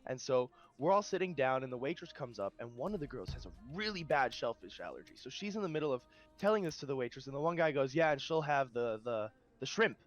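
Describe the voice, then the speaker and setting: A man in casual chat, telling a story in a relaxed, dry way and mimicking the people in it. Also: mid-range voice, quick pace, faint music behind.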